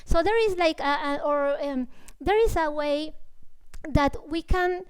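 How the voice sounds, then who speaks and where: A woman's voice: high voice, measured pace, rough recording. A woman talking casually at a public talk, searching for words with many fillers and restarts, often ending on "no?". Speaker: composer speaking at a public talk. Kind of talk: casual spoken talk, answering questions.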